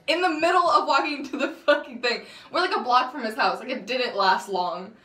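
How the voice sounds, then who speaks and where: On her vlog, a young woman delivers a dramatic storytime in a high-pitched, bright, pushed voice at normal speed. She swears often and laughs along the way, and the recording has a roomy echo.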